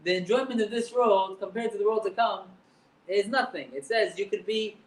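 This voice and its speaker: A man's voice: high-pitched, normal speed, a little hiss or hum. A man, a rabbi, teaching a Talmud class, reading Hebrew phrases and explaining them line by line with frequent repeats. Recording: echoey room, voice from a distance.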